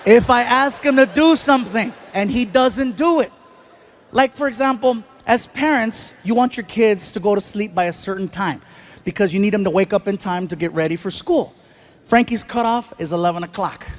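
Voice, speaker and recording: A man doing animated stand-up storytelling on a live stage, throwing in sound effects. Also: high-pitched, moderate pace. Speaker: stand-up comedian.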